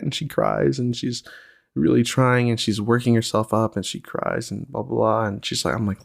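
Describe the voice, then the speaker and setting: A man's voice: lowish voice, fairly even intonation, normal speed, vocal fry, no room sound, studio quality. A young man hosting a podcast, talking in a reflective, rambling way with lots of fillers. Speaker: podcast host. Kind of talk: casual solo podcast chat.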